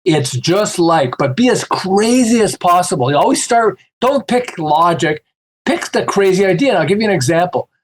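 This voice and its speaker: Animated man telling stories, slightly high voice. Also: moderate pace, a little hiss or hum. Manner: animated, acts out quoted voices with laughs. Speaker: podcast guest, author. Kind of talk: casual storytelling chat.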